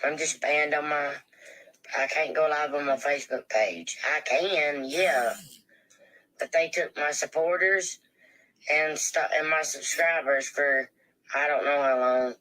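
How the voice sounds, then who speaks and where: A man's voice: a little high, unhurried, bright, forceful tone, low-quality recording. A man chatting casually on a live stream in plain, colloquial speech, reading out viewer comments and thanking viewers. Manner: plain-spoken, colloquial grammar. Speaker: livestreamer.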